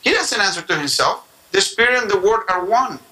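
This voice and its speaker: A high-pitched man, a pastor, preaches a sermon fairly quickly, teaching through animated impressions of people and acted-out prayers with voices and tongues. The audio is poor.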